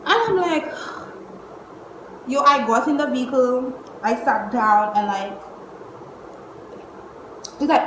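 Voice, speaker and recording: Animated woman telling a story. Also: sits high, takes it slowly, pauses often. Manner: animated, exasperated storytelling with curses and slang. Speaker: vlogger. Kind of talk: storytime vlog. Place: indoors at home. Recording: echoey room with faint noise.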